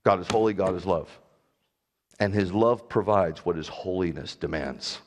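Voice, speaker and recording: A man's voice: low-pitched, moderate pace, in a large hall. A middle-aged man preaching a sermon as a rabbi, talking animatedly and putting direct questions to his congregation. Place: congregation hall.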